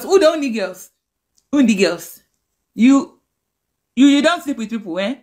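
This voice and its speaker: A woman's voice: a little high, lively intonation, measured pace, long pauses, a little mellow. A Ghanaian woman with a Ghanaian accent, ranting angrily and scolding in a direct-to-camera video. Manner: angry, scolding rant mixing languages.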